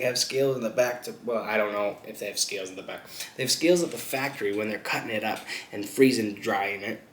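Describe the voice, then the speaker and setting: A man's voice: fairly low pitch, fairly bright tone, slight background noise. A man vlogging while he eats, telling a rambling story with lots of laughter and swearing. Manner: laughs often, swears freely, rambling retelling. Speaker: mukbang vlogger. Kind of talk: casual storytelling while eating. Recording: echoey room.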